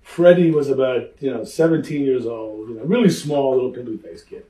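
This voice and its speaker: An older man, a former pro wrestler, telling lively stories in an interview and acting out the people in them. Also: mid-range voice, brisk, far from the mic. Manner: animated, acts out the people in his stories. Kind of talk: lively anecdotal storytelling. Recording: roomy echo, speaker off-mic.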